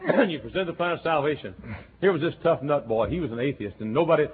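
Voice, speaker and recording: A man preaching a folksy revival sermon that swings between quiet, chatty asides and loud shouting. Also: on the high side, animated, fast talker, slightly rough. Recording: tinny lo-fi sermon tape.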